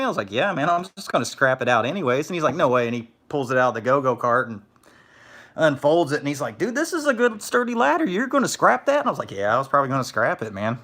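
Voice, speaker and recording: Here a man with a medium-pitched, slightly bright voice streams live as a scrapper, relaxed and chatty. He tells laid-back stories, reads the chat out loud, and thanks viewers.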